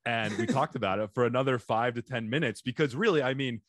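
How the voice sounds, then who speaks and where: A man's voice: medium pitch, quick pace, a bit bright, dry recording, clean studio sound. A man hosting a podcast in a casual interview, laughing often and talking in long, rambling stretches. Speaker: podcast host.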